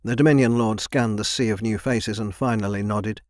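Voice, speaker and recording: A man's voice: on the low side, fairly even intonation, normal speed, no room sound, studio quality. Man narrating a fantasy audiobook. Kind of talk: scripted narration.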